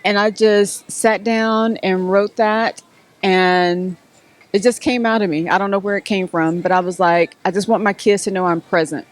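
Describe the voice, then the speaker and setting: A woman's voice: mid-range voice, fairly even intonation, moderate pace. A middle-aged woman, answering interview questions as an author in a storytelling way. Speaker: author and guest.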